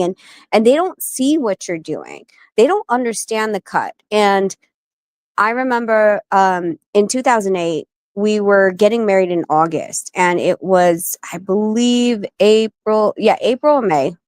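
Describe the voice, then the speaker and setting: A woman in her forties, a guest on an interview show, telling animated stories and acting out the people she quotes. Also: medium pitch, unhurried, no echo. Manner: animated, acts out quoted voices. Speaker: guest, wife and manager of a boxer. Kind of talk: casual interview storytelling.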